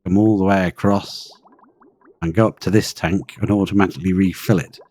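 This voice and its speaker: A streamer playing a colony-building game keeps up chatty live commentary, thinking aloud and talking to the creatures in his game. His voice is deep and a little mellow, fairly quick, with fairly even intonation.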